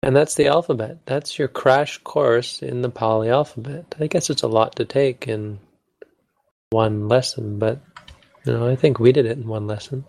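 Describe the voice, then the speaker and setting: A man's voice: mid-range voice, fairly even intonation, moderate pace, gravelly, darkish tone, dry recording. A man teaching a language lesson in a casual, joking way, stopping to correct himself as he goes. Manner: informal, self-correcting, joking.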